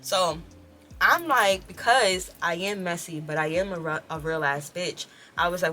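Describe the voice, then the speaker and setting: A woman in her twenties telling a story on her vlog in an animated, slangy and profane way. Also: on the low side, a little slow. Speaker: vlogger.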